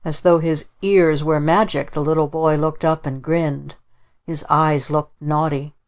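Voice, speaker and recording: A woman narrating a children's storybook in a measured way. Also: deep voice, fairly even intonation. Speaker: audiobook narrator. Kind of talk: scripted narration.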